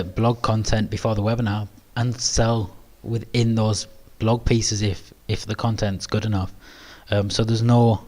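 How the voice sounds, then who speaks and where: A man's voice: on the low side, flat delivery, unhurried, few pauses, darkish tone. A man with a British accent hosting a live webinar Q&A, talking in a modest, hesitant way with many ums and restarts. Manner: modest, self-deprecating. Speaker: webinar presenter.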